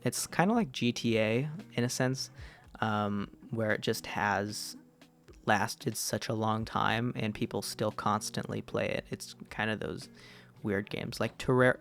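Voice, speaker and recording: Gravelly-voiced man rambling on a game stream. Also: fairly low pitch, a little slow, a bit bright, faint music behind. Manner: rambling, self-correcting, answers chat as he plays. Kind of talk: casual gaming livestream chat.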